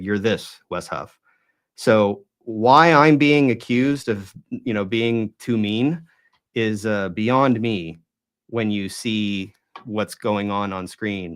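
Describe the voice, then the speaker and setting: A man being interviewed, speaking in a conversational way with many restarts and rhetorical questions. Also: on the low side. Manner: talks in halting restarts and hedges, often asks rhetorical questions. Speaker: guest.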